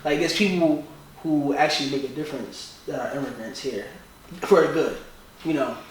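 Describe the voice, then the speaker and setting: A man's voice: fairly high pitch, normal speed, slight background noise. Young male co-host from Philly, loose rambling chat, mic set back in a very echoey room. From Philadelphia, US. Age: young adult. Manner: loose, rambling, lots of "like" and restarts. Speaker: podcast co-host. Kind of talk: casual podcast chat. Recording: roomy echo, distant mic.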